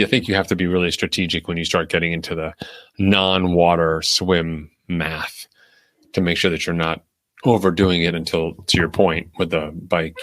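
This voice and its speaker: A man's voice: low voice, no room sound. A man co-hosting a podcast in casual chat, telling stories with a laugh and acting out his own inner voice. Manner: animated storytelling, acts out his own inner voice; laughs often, lots of filler words. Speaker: podcast co-host.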